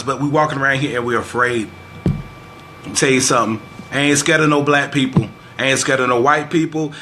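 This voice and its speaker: A man's voice: medium pitch, pushed and bright, a little hiss or hum. A man delivering a fervent, preacher-style vlog rant, quoting scripture, repeating phrases for emphasis and saying openly how frustrated he is. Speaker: vlogger. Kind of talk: preachy social commentary vlog.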